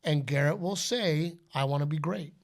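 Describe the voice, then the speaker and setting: Casual and animated, a middle-aged podcast host relates stories in a slightly high voice at moderate speed. Quotes and announcer calls get acted out along the way.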